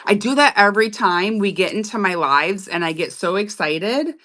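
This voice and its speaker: A woman selling jewelry on a live stream in loud, excitable, chatty talk that keeps breaking into laughs. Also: medium pitch, moderate pace. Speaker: live online jewelry seller. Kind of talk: casual live-sale chat.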